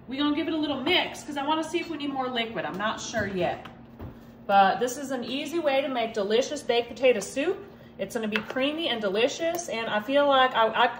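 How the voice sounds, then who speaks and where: A woman's voice: high-pitched, slight background noise. Chatty woman in an echoey kitchen. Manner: chatty, addresses viewers as y'all. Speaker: cooking channel host. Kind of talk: casual cooking vlog.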